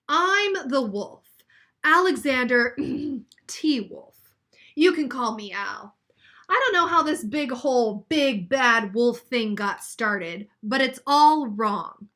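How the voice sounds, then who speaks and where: A woman reading aloud as a sly, smooth-talking male wolf telling his side of a storybook tale. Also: on the high side, sharp tone, heavily acted.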